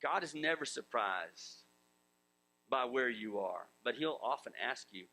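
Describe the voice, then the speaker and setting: A man's voice: mid-range voice, expressive, a little slow, sharp tone, rough recording. A man preaching a sermon in a conversational way, acting out biblical voices and chuckling as he goes. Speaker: pastor.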